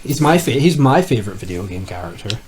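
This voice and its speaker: A man's voice: medium pitch, sing-song, fast, a little mellow, slight background noise, low-quality recording. A young man giving casual, jokey commentary as he plays retro games, rambling and talking to himself. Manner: rambling, jokey, talks to himself while playing. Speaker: retro gaming youtuber.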